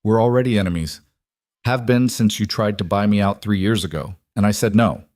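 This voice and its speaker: A man voicing a guarded young rancher who speaks quietly and steadily, in an audiobook western. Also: lowish voice, brisk, no room sound, clean studio sound, close to an everyday voice. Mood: tense.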